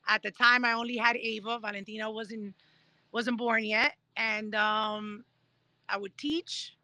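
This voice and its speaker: A woman in her thirties, a guest telling her story in a casual interview, animated and acting out what others said. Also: on the high side, measured pace, no echo. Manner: animated, acts out quoted voices while telling stories. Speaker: guest, Paralympic discus thrower.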